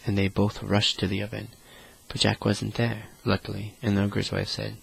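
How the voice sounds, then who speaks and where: Gravelly, husky man reading a sleepy story. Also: lowish voice, rough recording. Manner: slow, flat, sleepy delivery. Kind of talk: monotone bedtime story reading.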